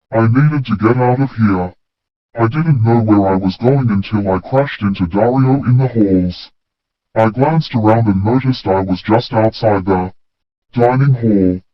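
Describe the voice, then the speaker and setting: A man reading a first-person story in a plain, steady way. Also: lowish voice, dry recording. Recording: dull, dry lo-fi recording.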